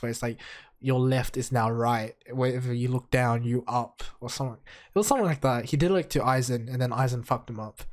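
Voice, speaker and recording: Hoarse and audibly ill, a man rambles through a casual anime episode review, excitable and swearing heavily, in a medium-pitched voice.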